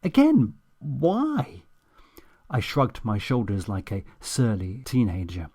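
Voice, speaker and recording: A man's voice: lowish voice, unhurried, darkish tone, breathy edge. A man reading a comic audiobook in a dry, sardonic, self-mocking way. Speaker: audiobook narrator.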